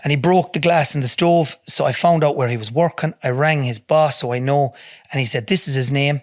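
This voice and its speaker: A man's voice: fairly high pitch, steady tone, fairly quick, no echo, clean studio sound. Blunt, swearing Irish man. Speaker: podcast guest, businessman. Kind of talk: casual storytelling. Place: podcast studio.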